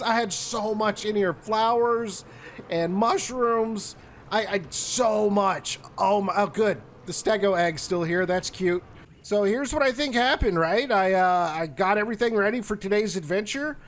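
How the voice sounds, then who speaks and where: A man giving animated, exasperated commentary while he plays a survival game, often talking straight to the game itself. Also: high voice, slight background noise. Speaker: gaming YouTuber.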